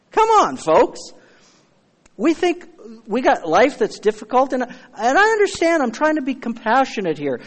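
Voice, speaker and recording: A man's voice: very high-pitched, very animated, a little slow, big-room sound. A man preaching a sermon as pastor, fervent and emphatic, calling out to his congregation.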